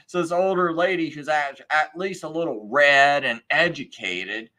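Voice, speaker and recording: A man hosting a livestream, telling a story in a casual, animated and rambling way with many fillers. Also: a little high, moderate pace, few pauses. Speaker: livestream host.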